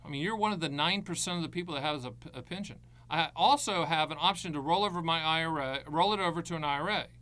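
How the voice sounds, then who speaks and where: Middle-aged male advisor, voice on the higher side, chatty live-Q&A host with quick jokes. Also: pushed and bright. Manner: breezy, jokey, self-promoting salesman patter. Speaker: annuity advisor hosting a live Q&A. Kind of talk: live Q&A, answering viewer questions.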